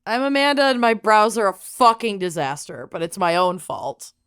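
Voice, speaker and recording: A woman's voice: mid-range voice, sing-song, moderate pace, a bit bright, clear, resonant tone, no echo, clean studio sound. A woman co-hosting a podcast, chatting casually and bluntly with a lot of swearing. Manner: blunt and profane, laughing easily. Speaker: podcast co-host. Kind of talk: casual chat.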